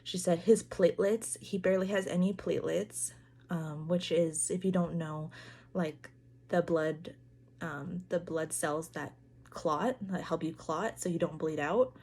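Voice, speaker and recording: Young woman retelling a rough family day, kinda low voice, lots of likes and ums, earnest. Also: fairly even intonation, darkish tone. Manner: earnest, halting retelling full of "like" and "um"; acts out others' lines in quoted dialogue. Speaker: parent telling a family story. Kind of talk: personal storytelling vlog.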